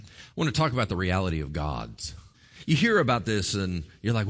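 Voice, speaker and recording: A male pastor preaching a sermon in a lively, jokey, conversational way. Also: low-pitched, brisk.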